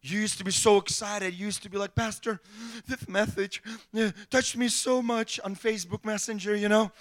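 A man preaching a sermon as pastor, telling personal stories and acting out what people said to him. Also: very high voice. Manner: animated storytelling, acting out quotes.

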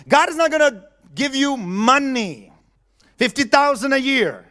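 A man's voice: extremely high pitch, expressive, normal speed, bright, forceful tone. A man preaching a sermon in a conversational way, chuckling often and asking the audience questions.

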